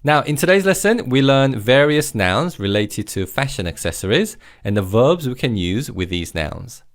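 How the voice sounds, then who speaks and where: A man teaching vocabulary in a recorded language lesson, encouraging and repeating each word slowly for learners to follow. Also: medium pitch, sing-song.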